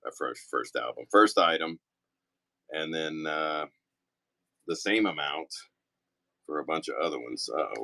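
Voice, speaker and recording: A man who owns a toy store, chatting casually through a live-stream auction, rambling with quick apologetic asides. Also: low-pitched, a bit bright, dry recording. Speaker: toy store owner running online auctions. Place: indoor shop room.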